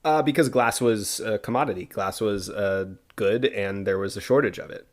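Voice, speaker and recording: A man co-hosting a podcast, telling a history story in a relaxed way with asides and fillers. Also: on the low side, moderate pace. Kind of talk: casual history podcast narration.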